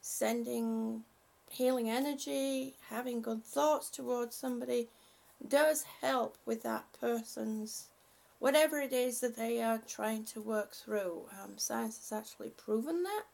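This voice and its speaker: A woman's voice: a little high, unhurried, vocal fry, a little mellow. A woman on a live stream reading out viewer comments and thanking them, emotional and laughing often, a little short of breath.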